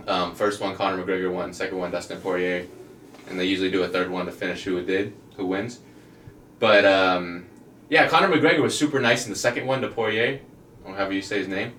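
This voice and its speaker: Lowish-voiced guy rambling on a podcast, laughs a lot, sounds far off in an echoey room. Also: fairly bright tone. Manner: laughs often, rambling with fillers. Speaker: podcast co-host. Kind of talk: casual chat.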